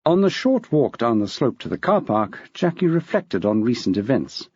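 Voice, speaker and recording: A man narrating an audiobook in a measured, expressive reading style. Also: medium pitch, slightly rough, no room sound. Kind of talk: scripted narration. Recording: dull, dry.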